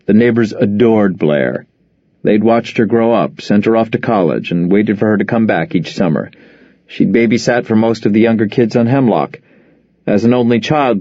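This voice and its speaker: A man narrating an audiobook in a measured, even storytelling manner. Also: fairly low pitch, dry recording. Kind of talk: scripted narration. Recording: dull lo-fi dry recording.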